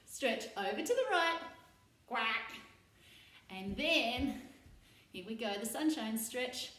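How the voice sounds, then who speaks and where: A woman's voice: fairly high pitch, sing-song, unhurried, fairly bright tone. A woman hosting a children's playtime session, leading stretches and farm animal sounds in a playful, sing-song way. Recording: roomy echo.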